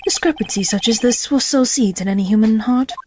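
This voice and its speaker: A woman voicing a cool, self-assured male prosecutor in a courtroom game, speaking in measured tones. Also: fairly high pitch, a little mellow, soft background music, lightly acted. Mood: confident.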